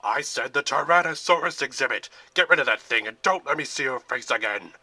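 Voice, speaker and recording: A commanding villain general with a deep growl and a quick temper, put on by a man narrating a Lego fan film. He barks orders and turns to loud roars when his men fail him. The voice keeps a bright edge under the menace. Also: no room sound. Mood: furious roaring.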